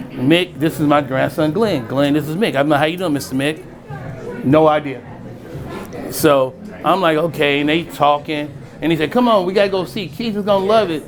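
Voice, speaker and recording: A middle-aged man from East Oakland telling a personal story in a casual, animated way, acting out the voices of people he quotes and chuckling often. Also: on the high side. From East Oakland, California. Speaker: storyteller and spirits brand founder.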